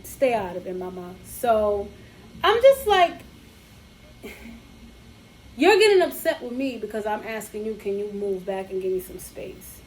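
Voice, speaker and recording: A woman, co-hosting a podcast, telling a story in casual chat and acting out both sides of it, animated and profane. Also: mid-range voice, measured pace, pauses often, slight background noise, rough recording. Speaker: podcast co-host.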